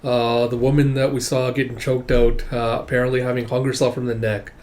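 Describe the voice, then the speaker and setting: A man casually reading through a manga chapter, chatty and animated in his reactions. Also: medium pitch, brisk. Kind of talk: casual manga read-along commentary.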